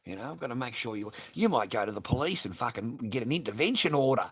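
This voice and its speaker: A man's voice: medium pitch, animated, quick pace, hardly any pauses, a bit bright, slightly rough. A middle-aged man chatting casually on a livestream while making masks, ranting and swearing with bursts of laughter. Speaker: livestreaming mask artist.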